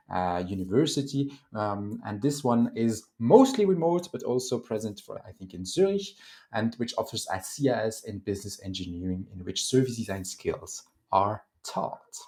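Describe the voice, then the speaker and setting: Animated French-accented male host. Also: medium pitch. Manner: lively, animated delivery with frequent fillers. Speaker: host and moderator. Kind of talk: online panel introductions.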